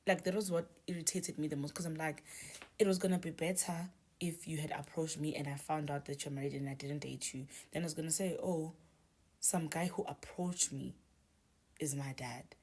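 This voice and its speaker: A woman telling a confessional story in a hushed, often near-whispered voice, hesitant and full of restarts. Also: deep voice, steady tone, moderate pace.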